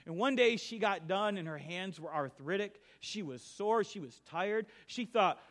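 A middle-aged male pastor preaching a conversational sermon, telling stories, moving between soft asides and emphatic lines. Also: sits high, lively intonation, measured pace, hardly any pauses.

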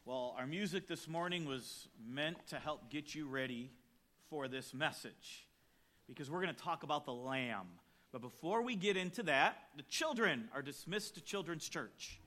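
Bright high-voiced pastor preaching. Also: male voice, normal speed. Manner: storytelling, tells jokes from the pulpit, expressive. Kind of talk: sermon. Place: church stage.

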